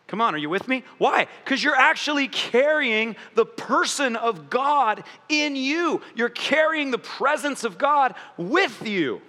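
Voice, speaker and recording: A man preaching a sermon in a lively, playful way, often acting out quoted voices. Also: extremely high pitch, measured pace, in a large hall. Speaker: pastor.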